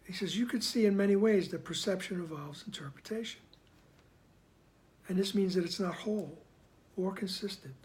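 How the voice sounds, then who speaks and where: Soft-spoken man, half-whispered teaching. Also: high-pitched. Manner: unhurried, checks in with "right?" after each point. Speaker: spiritual study reader and commentator. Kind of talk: reflective commentary on a spiritual text.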